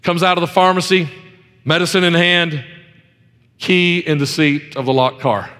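A pastor preaching a sermon, swinging between loud emphasis and hushed asides, telling folksy stories with many repetitions. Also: male voice, on the high side, fairly even intonation, moderate pace, big-room sound.

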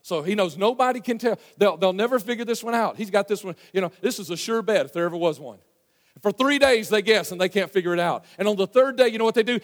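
A preacher with a high, folksy voice works through a scripture story, rising to near shouts and dropping to hushes. His sermon rings through a long hall reverb.

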